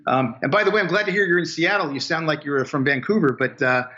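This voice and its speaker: A man's voice: on the high side, fast talker, sharp tone. Rambling man on dull, lo-fi audio. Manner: rambling, many fillers and restarts, salesy. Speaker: guest, inventor and business owner. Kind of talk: casual interview talk.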